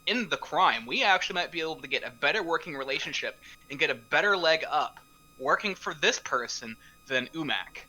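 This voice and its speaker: A man playing a tabletop game, earnestly reasoning out loud about what his party should do. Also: on the high side, lively intonation, brisk, low-quality recording. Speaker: player.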